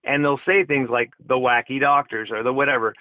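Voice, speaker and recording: A man's voice: medium pitch, fairly even intonation, brisk, no echo. A man calling into an online debate, hesitant and rambling, full of fillers. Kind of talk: casual debate. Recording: tinny dry call line.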